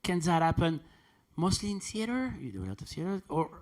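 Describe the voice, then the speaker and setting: A man's voice: fairly high pitch, wildly swooping pitch, a little fast. A man interviewing an actress, asking admiring questions with some hesitant fillers.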